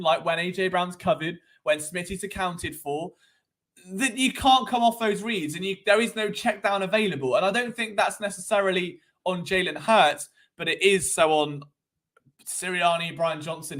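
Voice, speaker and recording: Male sports commentator, sleepy, rambling and sarcastic, high-pitched. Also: a bit bright. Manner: rambling, sarcastic, restarts often. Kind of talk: casual sports analysis while screen-sharing.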